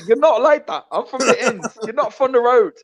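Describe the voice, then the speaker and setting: A man imitating an excitable male boxing trainer, using a put-on accent and a shrill, exaggerated sing-song delivery. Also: normal speed, crowd noise. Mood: mocking.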